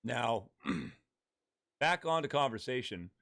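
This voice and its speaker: A man's voice: mid-range voice, sing-song, slow, a bit bright. A man streaming a game and chatting casually with his viewers, talking bluntly and swearing heavily. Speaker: gaming live streamer. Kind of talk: casual live-stream chat.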